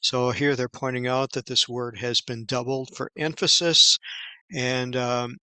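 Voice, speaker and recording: A man giving an informal Bible study lesson, talking in a casual, halting way with many fillers and restarts. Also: mid-range voice, little pitch movement, sharp tone, smooth, no echo, poor audio. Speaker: Bible teacher.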